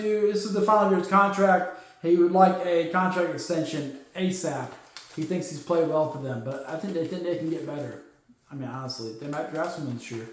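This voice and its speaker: A podcast host goes through news in a loose, rambling way, dropping jokey asides as he goes. His voice sits fairly high, and it bounces around a very echoey room. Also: a bit bright. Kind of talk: casual news chat.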